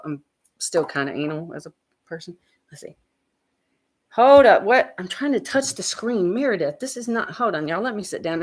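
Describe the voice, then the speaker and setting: A middle-aged woman, chatting casually and bluntly from her home kitchen as she reads viewer comments, swearing freely. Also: sits low. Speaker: livestream host. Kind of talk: casual chat while cooking.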